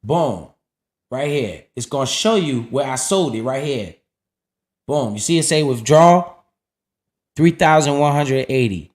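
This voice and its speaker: A middle-aged man hosting a casual livestream, talking in loose slang and often dropping low and quiet. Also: expressive, a little slow, long pauses. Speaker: livestream host talking investing.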